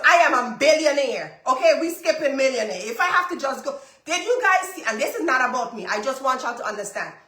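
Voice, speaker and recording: A woman hosting a live stream, telling a personal testimony in an animated way and repeating phrases for emphasis. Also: high voice. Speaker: business coach and livestream host. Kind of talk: casual testimony to a live audience. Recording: echoey room.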